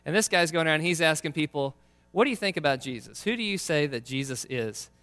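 Bright, crisp male preacher in a hall. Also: on the high side, expressive, fairly quick. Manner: casual, conversational storytelling. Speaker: pastor. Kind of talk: sermon with personal story. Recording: long reverb of a large hall.

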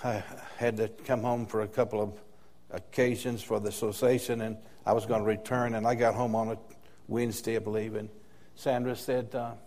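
A man's voice: on the low side, flat delivery, moderate pace, a little mellow. An older man preaching a sermon as interim pastor, telling stories and repeating key phrases for emphasis.

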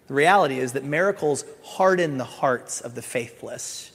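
A middle-aged male pastor preaching a sermon, animated, swinging from loud emphasis to hushed asides and playful acted voices. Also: medium pitch, moderate pace, few pauses, slightly rough. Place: church sanctuary. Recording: church hall with long reverb.

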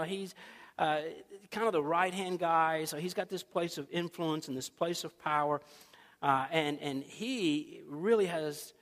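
Male preacher, folksy sermon storytelling, fairly high voice, long hall reverb. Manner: conversational, animated, folksy.

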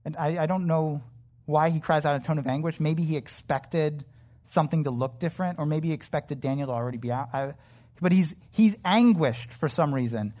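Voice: medium pitch, fairly quick, darkish tone. A Bible teacher giving a casual verse-by-verse sermon, talking conversationally with frequent fillers and restarts.

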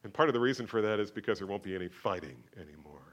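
A man preaching a sermon to his church, moving from quiet, conversational talk to loud, emphatic passages. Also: on the low side, expressive, racing, muffled recording. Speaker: pastor. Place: church sanctuary.

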